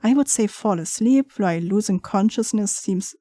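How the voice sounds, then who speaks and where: A woman's voice: medium pitch, normal speed, dark tone, dry recording. A young woman playing through a game, reading its text aloud with chatty, giggly asides. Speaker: gaming streamer.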